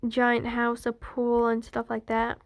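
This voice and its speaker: A woman's voice: on the high side, completely flat delivery, slow, muffled recording. A young woman casually telling a fan story, rambling with many fillers and restarts.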